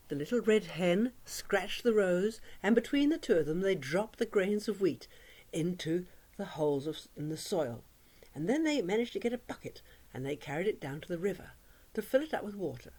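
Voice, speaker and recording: A woman tells a children's story aloud, her voice sing-song and richly expressive. Her pitch rises and falls in wide, lively swoops, and she drops to a hush for drama. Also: husky. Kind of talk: oral storytelling for young children.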